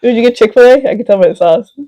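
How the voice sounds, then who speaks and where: A woman's voice: a little high, rapid-fire, crowd noise, low-quality recording. A woman co-hosting a comedy podcast, teasing and giggling through playful banter. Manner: giggly, teasing, breaks into laughter often. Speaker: podcast co-host.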